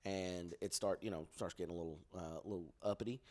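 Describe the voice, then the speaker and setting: A man's voice: deep voice, steady tone, fast talker, a little mellow. A male stand-up comedian telling rambling stories in casual podcast chat, full of "like" and "uh". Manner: rambling storyteller, lots of "like" and "uh". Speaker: guest comedian.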